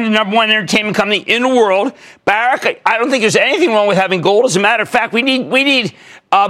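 An older man hosting a finance call-in show, excitable and emphatic in rapid-fire bursts. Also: high voice. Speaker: TV stock market show host.

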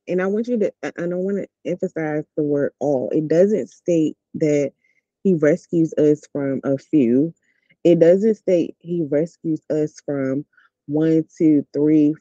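Gravelly, dark-voiced man giving a devotional. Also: on the high side, dry recording. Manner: earnest and encouraging, repeats key words. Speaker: podcast host. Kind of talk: devotional scripture reflection. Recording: dull lo-fi recording.

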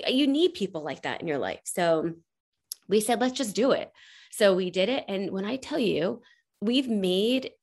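A woman speaking as a podcast guest, telling a story in a chatty, rambling way full of fillers. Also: mid-range voice. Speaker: podcast guest, coach's wife. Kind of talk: casual interview chat.

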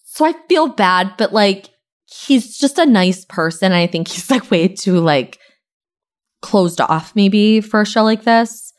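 A woman's voice: medium pitch, lively intonation, takes it slowly. A young woman hosting a podcast, recapping reality TV in a gossipy, chatty way, full of "like" and casual swearing. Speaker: podcast host.

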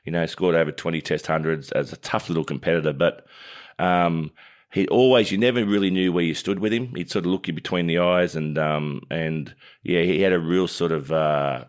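A man's voice: sits low, steady tone, normal speed. A middle-aged Australian man, a former cricketer co-hosting a sports show, talking in a laid-back, drawling way and chuckling often. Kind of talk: casual sports chat.

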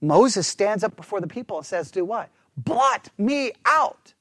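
A man preaching a sermon, asking the congregation questions and swinging between fervent emphasis and hushed asides. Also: sits high, unhurried, hardly any pauses, no echo. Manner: animated preaching, rhetorical questions, drops to a hush for asides. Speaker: pastor.

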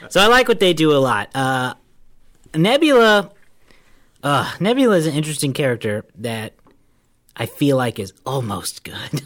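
A man's voice: mid-range voice, lively intonation, normal speed, long pauses, fairly bright tone. A man co-hosting a casual movie discussion, giving blunt opinions and hot takes. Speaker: podcast co-host.

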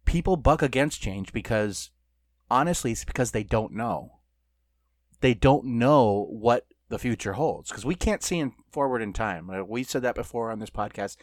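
A man's voice: mid-range voice, expressive, moderate pace, dry recording, clean studio sound. A man co-hosting a podcast in casual chat, telling stories in a rambling way full of fillers. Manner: rambling, filler-heavy storytelling. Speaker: podcast co-host.

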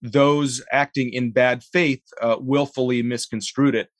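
A man speaking as a guest in a casual interview, measured and wry, with many ums and uhs. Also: medium pitch, fairly even intonation, no room sound. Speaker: interview guest, law school lecturer.

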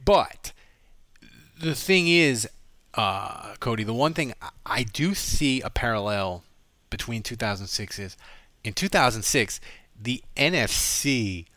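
A man hosting a sports podcast in casual chat, quick and jokey, building to emphatic points. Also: mid-range voice, lively intonation, sharp tone, dry recording. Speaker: podcast host.

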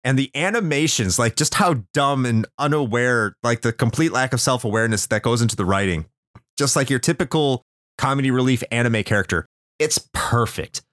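A man's voice: mid-range voice, a bit bright, no echo, clean studio sound. Chatty man with a mid-range voice. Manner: enthusiastic, halting with repeated words. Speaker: podcast host. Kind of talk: casual chat.

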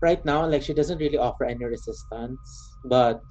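Mellow-voiced man running a tabletop game. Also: mid-range voice, moderate pace. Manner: hesitant, many ums. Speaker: game master. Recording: dull lo-fi sound with faint music.

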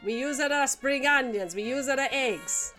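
A woman's voice: high voice, a little slow, pushed and bright, faint music behind. A woman doing an exaggerated, put-on Greek accent as a cook reading out a recipe, with the accent drifting toward Italian. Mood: hammy. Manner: hammy, breaks into laughter.

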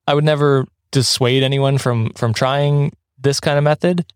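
A male podcast host in loose, chatty conversation. His voice sits at an ordinary middle pitch and sounds close and dry, with no room around it. He drifts into tangents, restarts his sentences and laughs easily. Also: steady tone, normal speed, clean tone, no echo. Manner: rambling, self-correcting, laughs often. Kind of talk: casual podcast chat.

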